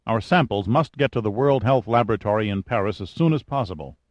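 A man's voice: fairly low pitch, expressive, fast talker, no echo, muffled recording, close to an everyday voice. A man voicing a big, proud and stubborn male scientist who speaks in a demanding, indignant way.

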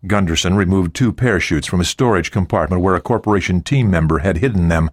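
A man narrating a thriller audiobook in an expressive storytelling style. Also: deep voice, fast talker, no echo, studio quality. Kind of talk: scripted narration.

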